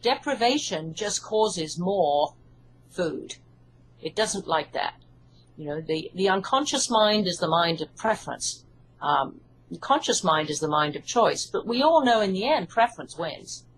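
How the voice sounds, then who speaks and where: English woman, hypnotherapist guest, lower register, earnest and reassuring, faint noise on the line. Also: animated, measured pace, rough recording. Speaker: hypnotherapist and author. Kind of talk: interview answers.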